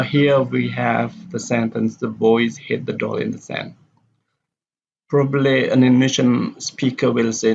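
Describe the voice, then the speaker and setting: A man with a gravelly, medium-pitched voice teaches a pronunciation lesson, reading example sentences and then identifying the stressed words. The recording is dull and lo-fi, with faint background noise.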